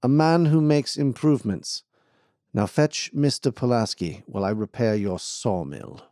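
Commanding highborn engineer read by a man, formal and crisp, low dark tone. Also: sing-song, normal speed, dry recording, studio quality, heavily acted. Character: aristocratic male engineer, commanding, disdainful.

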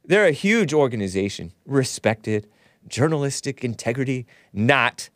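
A man's voice: mid-range voice, very animated, a little slow, fairly bright tone, no echo, clean studio sound. Sarcastic ranting male podcast host. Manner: combative, sarcastic ranting with frequent restarts. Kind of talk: solo political commentary.

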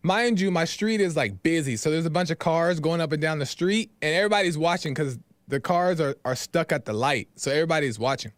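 A man's voice: on the high side, fairly quick, hardly any pauses, no room sound, studio quality. A man hosting a podcast, telling a personal story in a loose, casual monologue full of fillers and asides. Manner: loose, repetitive, talks in fillers and "right?". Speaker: podcast host.

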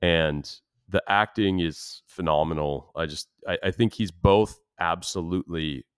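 Man with a very low voice, podcast co-host, hesitant casual film talk, dry close mic. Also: unhurried, clean tone, no echo. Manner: hesitant, restarts often, laughs when quoting.

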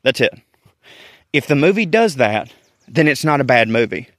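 A man's voice: mid-range voice, big pitch swings, moderate pace, fairly bright tone, dry recording. Man, Southern US accent, casual podcast rant, rambling and candid, dry close sound. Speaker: podcast host. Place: outdoors in a park.

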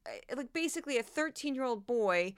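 A woman's voice: a little high, expressive, fairly quick, clear, resonant tone, no room sound, studio quality. A woman in her forties hosting a podcast, giving casual, sarcastic and exasperated commentary on news clips. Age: 40s. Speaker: podcast host.

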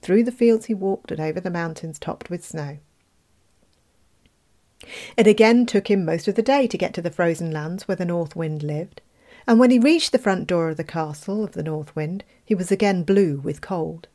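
A woman reading a fairy tale aloud, expressive, with playful asides. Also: lowish voice, normal speed. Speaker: storyteller.

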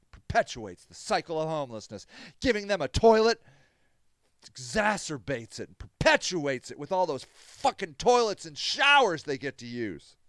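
Guy ranting on his podcast, swearing a lot, sarcastic, smooth clear voice, dry close mic. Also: medium pitch, a bit bright, dry recording. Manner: heated, profane, sarcastic. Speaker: podcast host running a tent shelter. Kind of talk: angry podcast rant.

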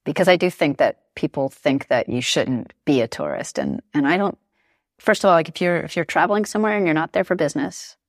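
A woman with a low, gravelly voice talking casually on a podcast. She rambles with plenty of fillers and acts out little quotes as she goes. The sound is dry and close. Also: a little fast, dry recording. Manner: chatty, lots of fillers, animated quoting. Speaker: podcast guest, Paris blogger. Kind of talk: casual conversation. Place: living in Paris.

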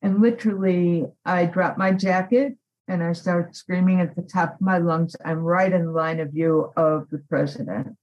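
A woman activist, a guest on an interview podcast, telling a story in an animated, emphatic way. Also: fairly low pitch, moderate pace, dull audio.

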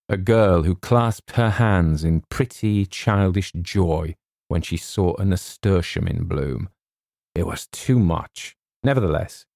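A man reading a comic short story aloud in a measured, wry storytelling manner. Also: low voice, vocal fry, warm tone, no room sound, clean studio sound. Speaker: audiobook reader. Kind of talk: scripted narration.

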